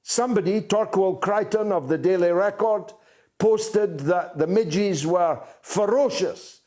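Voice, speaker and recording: A man delivering a political commentary monologue as a talk show host, emphatic and deliberate, pausing often on "uh". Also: sits high, darkish tone. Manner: deliberate, emphatic, with frequent "uh" pauses.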